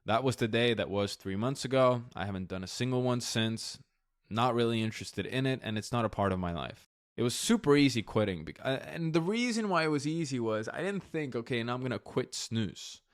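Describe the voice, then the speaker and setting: A man's voice: medium pitch, lively intonation, brisk, no echo, clean studio sound. A man hosting a solo podcast, talking candidly and reflectively in a casual way that includes some swearing. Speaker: podcast host.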